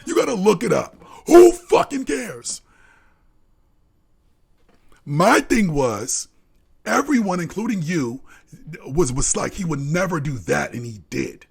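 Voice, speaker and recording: A man's voice: high voice, wildly swooping pitch, slow, gravelly, pauses often, husky. A man co-hosting a live sports podcast, arguing heatedly in casual talk, swearing, laughing and repeating himself as he presses his point. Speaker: podcast co-host.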